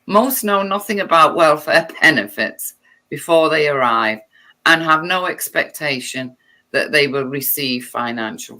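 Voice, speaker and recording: A woman's voice: sits low, sharp tone. A woman vlogger reading text aloud and breaking off for sarcastic, irritated remarks.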